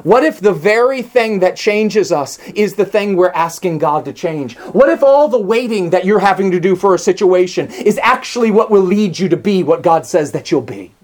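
A preacher delivering a sermon, building through strings of rhetorical questions and slowing down hard on key phrases. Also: medium pitch, lively intonation. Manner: swings between soft hushed lines and raised emphatic ones; slows down sharply on key phrases.

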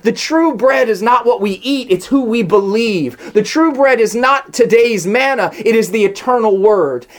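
A preacher delivering a sermon, building through strings of rhetorical questions and slowing down hard on key phrases. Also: medium pitch, expressive. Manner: swings between soft hushed lines and raised emphatic ones; slows down sharply on key phrases.

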